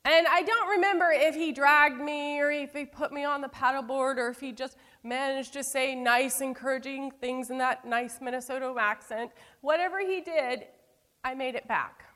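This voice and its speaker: A woman preacher with a fairly high voice gives a sermon as a story. She moves from forceful, ringing phrases to quiet, slowed-down endings. Her voice carries a long reverb, like a large church space. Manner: storytelling with wide swings between emphatic and hushed delivery. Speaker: pastor.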